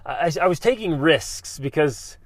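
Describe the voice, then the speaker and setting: A man's voice: fairly high pitch, expressive, normal speed, no echo. An enthusiastic man in his forties, hosting a motivational talk and telling an adventure story with many restarts. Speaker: podcast host.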